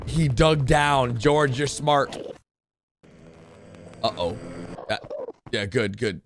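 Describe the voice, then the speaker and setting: A man hosting a reaction video, excitedly commenting and cheering characters on with loud exclamations. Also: mid-range voice, slow. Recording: music playing under the voice.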